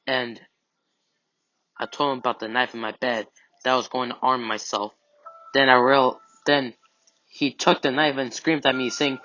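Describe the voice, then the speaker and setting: A man telling an improvised scary story in the first person, halting with restarts and strings of "and then", on a dull lo-fi recording with faint music. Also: mid-range voice, fairly even intonation, bright, forceful tone.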